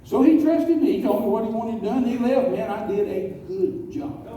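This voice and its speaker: A man preaching a folksy storytelling sermon, slowing down to stress key words. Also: extremely high pitch, animated, warm tone. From West Texas. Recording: echoey hall, distant mic, faint noise.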